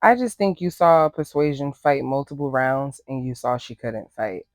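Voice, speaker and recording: A man giving opinionated reality TV recap commentary in a sassy, animated way. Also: moderate pace, no room sound. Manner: sassy, animated, acts out quotes in higher voices.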